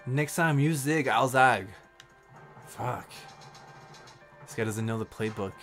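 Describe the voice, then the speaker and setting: A man streaming a shooter game, commenting casually with loud, swearing, trash-talking outbursts. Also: mid-range voice, takes it slowly, soft background music. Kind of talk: gameplay commentary.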